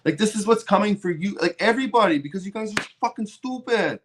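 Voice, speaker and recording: Speaking quickly and expressively in a high register, with a slight hiss or hum in the background, a Canadian livestream host rants angrily about politics. He swears constantly and occasionally imitates people in sarcastic, mocking voices.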